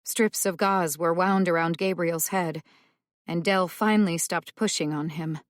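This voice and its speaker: Slow, low-voiced woman audiobook narrator. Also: fairly even intonation, dry recording, studio quality. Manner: measured, tense storytelling. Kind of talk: scripted narration.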